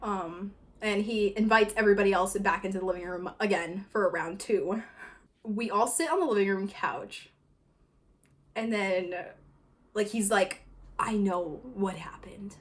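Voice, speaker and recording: A woman's voice: medium pitch, moderate pace. A young woman telling a storytime vlog, casual, packed with filler words and swearing. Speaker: vlogger.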